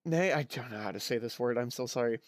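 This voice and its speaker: A man streaming live, chatting casually and reacting excitedly to chat messages. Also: mid-range voice, quick pace, dry recording, clean studio sound. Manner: chatty, excitable, lots of fillers and exclamations.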